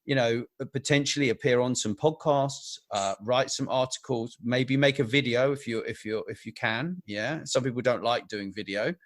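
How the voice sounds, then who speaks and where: A podcast host speaks plainly and bluntly in casual conversation, giving practical advice. The recording is dry and close, with no room sound. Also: male voice, mid-range voice, moderate pace, hardly any pauses, no room sound. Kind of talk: casual chat.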